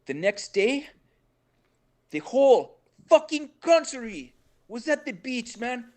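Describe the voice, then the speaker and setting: A man voicing an excited young Venezuelan man with a Venezuelan Spanish accent, loud, swearing and slipping into Spanish. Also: high-pitched, slow pace, clean tone, pitched above the performer's own voice. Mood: fired up.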